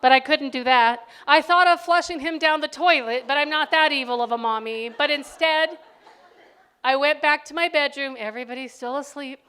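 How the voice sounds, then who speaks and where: An older woman, a grandmother, giving a faith talk built around a personal story, dropping to soft tones and then rising loud and lively. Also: high voice, normal speed. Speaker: speaker.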